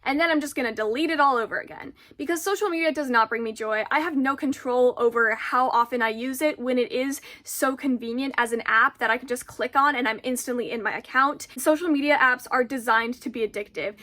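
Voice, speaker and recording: Bright high-voiced teenage girl vlogging. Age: teens. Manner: candid, reflective, filler-heavy with "like". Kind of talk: casual confessional vlog. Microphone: phone camera.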